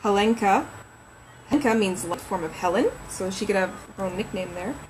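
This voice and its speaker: A woman's voice: medium pitch, brisk, background noise. A woman novelist chatting on a casual livestream from home, rambling and reading names aloud as she thinks.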